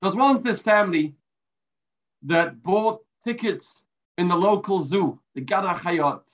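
Man teaching a religious lesson. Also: on the high side. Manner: storytelling, mixing in Hebrew terms. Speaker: Torah teacher. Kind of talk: weekly religious lesson with a parable. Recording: dull lo-fi recording.

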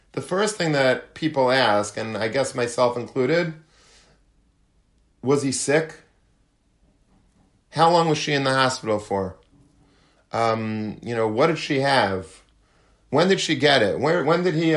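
Male rabbi, sermon storyteller with plenty of color. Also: medium pitch. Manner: lively storyteller, acts out quotes, Yiddish and Hebrew terms. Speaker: rabbi giving a talk.

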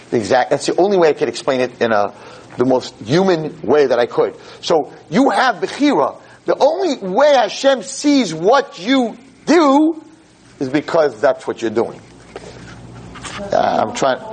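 A man teaching a Torah class to a live audience, animated and explaining with everyday stories and questions to the room. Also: a little high, normal speed, slightly rough, poor audio. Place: in front of an audience.

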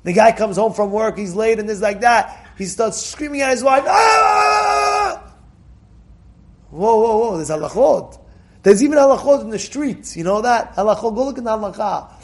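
High-voiced man teaching a Torah class. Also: fairly quick. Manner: emphatic, repeats himself, bursts into loud cries for emphasis.

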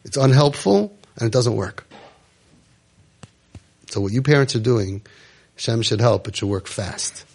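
A man's voice: a little slow, vocal fry, pauses often, breathy edge. Emotional man speaking to parents. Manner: emotional, acts out parent and child voices, drops to soft low tones. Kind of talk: impassioned talk to parents.

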